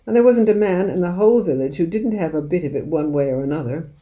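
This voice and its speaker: A woman narrating a children's novel aloud in an expressive storytelling voice. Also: fairly low pitch, fast talker. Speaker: audiobook reader.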